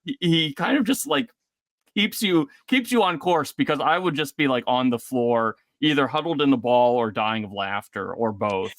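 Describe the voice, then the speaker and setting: A man's voice: medium pitch, moderate pace, fairly bright tone, dry recording. A man hosting a casual interview, talking in a rambling way with many fillers and restarts. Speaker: interviewer host.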